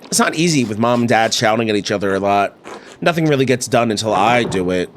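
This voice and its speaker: A man's voice: fairly low pitch, lively intonation, a little fast, slight background noise, natural voice. A man reading the lines of an earnest, kind young man from a village inn, eager and upbeat.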